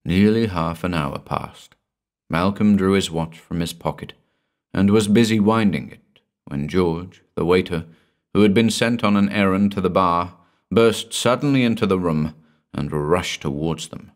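A man giving a measured, dramatic scripted narration of a classic horror story. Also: sits low.

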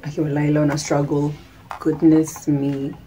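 A young Kenyan-accented woman talks casually to her vlog audience in a fairly low voice. She is chatty and laughs often, mixing English with Swahili slang. Faint background noise sits under her voice. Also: monotone, moderate pace, dark tone. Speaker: vlogger. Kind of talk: casual chat.

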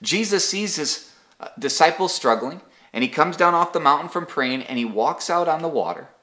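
A man's voice: a little high, expressive, moderate pace, pushed and bright. A man leading an online Bible study in a conversational devotional style, often repeating a word as he restarts and telling everyday examples. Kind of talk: casual devotional teaching.

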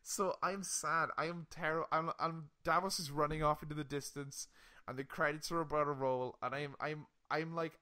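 A young man co-hosting a casual podcast, retelling a TV episode with lively swearing and frequent laughs. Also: a little high, moderate pace. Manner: animated storytelling, swearing, laughing often. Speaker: podcast co-host. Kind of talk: casual chat.

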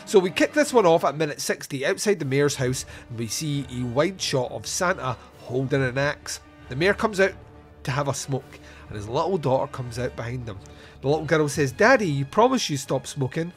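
A man's voice: mid-range voice, expressive, normal speed, soft background music. A man hosting a podcast on his own, recapping a film scene by scene in a wry, joking way with asides and fillers. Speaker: podcast host reviewing a film.

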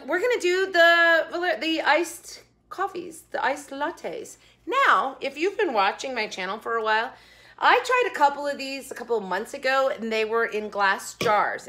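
A woman's voice: high-pitched, bright, forceful tone. A young woman chatting casually in her home kitchen as she reviews food, rambling with giggly asides. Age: young adult. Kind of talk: casual chat.

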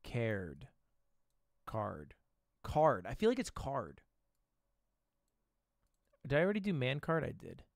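A man's voice: mid-range voice, wildly swooping pitch, slow pace, creaky, long pauses, dry recording, studio quality. A young man streaming, thinking aloud through a word game, muttering guesses and swearing often. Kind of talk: casual gaming commentary.

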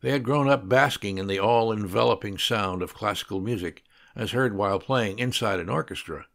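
A man narrating an audiobook with steady, scripted storytelling. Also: on the low side, creaky.

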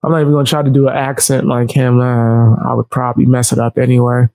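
A man's voice: medium pitch, level tone, quick pace, gravelly, dark tone, no room sound. A man casually reacting to a video clip, talking back to it with slang and jokes.

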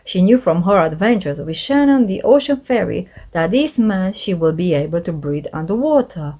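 A woman reading a children's storybook aloud, expressive and animated. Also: on the low side, moderate pace.

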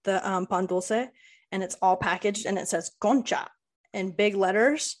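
A woman author as a podcast guest, talking casually and pausing often with ums and uhs. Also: medium pitch. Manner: relaxed, hesitant with many ums and uhs. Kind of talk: casual interview chat.

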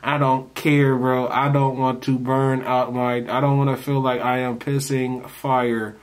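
This vlogger's mid-range voice moves at an unhurried pace as he casually spins a story for the camera. He rambles in slangy fashion, breaking into laughter again and again, and animatedly plays the parts of whoever he's quoting.

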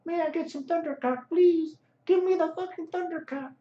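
A man putting on a mocking, whiny, pleading voice for a begging opponent, pitched well above his own. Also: moderate pace. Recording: echoey room, dull lo-fi sound.

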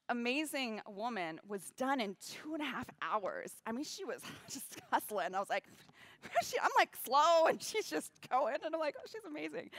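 A woman giving a keynote talk on stage, telling a story in an animated way, acting out quotes and laughing often. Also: on the high side, dry recording. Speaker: keynote speaker. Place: event stage.

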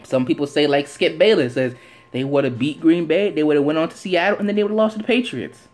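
Speaking fast in a fairly high-pitched voice, this male sports vlogger delivers an animated, opinionated commentary rant. He keeps hammering home points by repeating phrases and firing off one rhetorical question after another.

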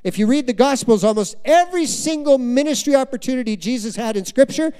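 Animated man preaching a story sermon. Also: extremely high pitch, a little fast, clear, resonant tone. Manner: animated, asks the congregation questions. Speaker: guest preacher. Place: church before a congregation.

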